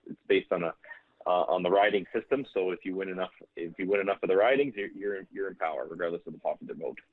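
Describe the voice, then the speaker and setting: A man's voice: low-pitched, fast talker, dry recording. A man calling in as a guest, explaining steadily and repeating words as he starts. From Canada. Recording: tinny phone line.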